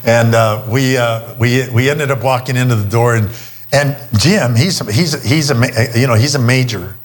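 A man's voice: medium pitch, moderate pace. A middle-aged man preaching a sermon, telling a personal story in a conversational way. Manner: storytelling, conversational, many restarts. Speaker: pastor.

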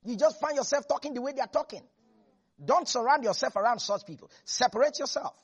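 A preacher giving an animated sermon, repeating lines for emphasis and laughing often. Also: sits high, a little fast, slightly rough, lo-fi sound. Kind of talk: lively sermon.

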